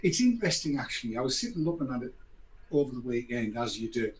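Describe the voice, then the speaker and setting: An older man hosts a casual chat, talking fast at medium pitch with big swings in his voice. He rambles, gets sarcastic, and offers mock apologies, in an echoey room with faint background noise.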